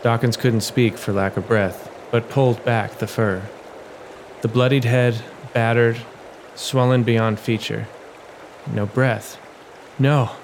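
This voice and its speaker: A man giving a measured, dramatic reading as the narrator of his own audio adventure story, in a noisy home recording. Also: medium pitch, fairly even intonation. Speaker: storyteller and writer.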